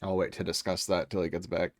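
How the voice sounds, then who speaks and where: A man's voice: sits low, flat delivery, quick pace, no echo, studio quality. A man streaming from home, chatting casually and rambling, with frequent swearing and chuckles. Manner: rambling, profane, chuckles often. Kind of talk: casual livestream chat.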